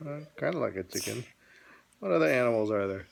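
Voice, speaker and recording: A man's voice: mid-range voice, expressive, fast talker, gravelly. A father playfully coaxing his toddler with simple questions in a home video.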